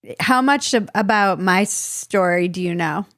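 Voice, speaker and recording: A woman's voice: medium pitch, measured pace, a bit bright, dry recording, clean studio sound. A woman hosting a podcast interview, asking hesitant, curious questions. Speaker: podcast host. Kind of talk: casual interview conversation.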